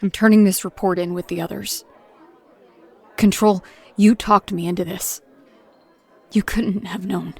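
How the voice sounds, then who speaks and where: Actress voicing a hardened agent mother, blunt and grim, slow-spoken, audio drama monologue. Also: mid-range voice, steady tone, vocal fry, darkish tone, breathy edge, a faint crowd. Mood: weary. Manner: blunt, grim and dry-humored. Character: hardened middle-aged mother and paranormal agent. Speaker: narrator of a recorded report.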